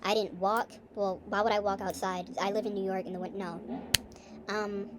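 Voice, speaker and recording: A woman's voice: mid-range voice, level tone, moderate pace, noisy background. Chatty young woman rambling on a vlog. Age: young adult. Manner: rambling, chatty, full of fillers and asides. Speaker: vlogger. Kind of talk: casual video diary.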